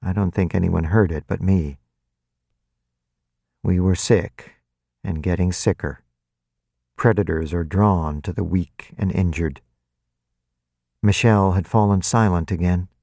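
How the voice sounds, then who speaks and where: A man narrating a novel in the first person in a wry, even way, close to the mic. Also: sits low, vocal fry, no echo. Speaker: audiobook narrator.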